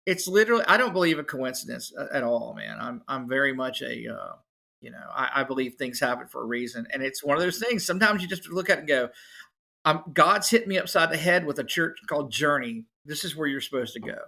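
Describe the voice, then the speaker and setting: A man, a musician and podcast guest, telling his story in a casual, animated way. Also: mid-range voice, fast talker, gravelly. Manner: animated, acts out other people's voices.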